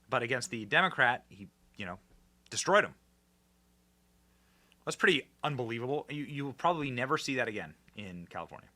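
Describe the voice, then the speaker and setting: A young man hosting political commentary in a casual, animated and sarcastic way, with many fillers and restarts. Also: medium pitch.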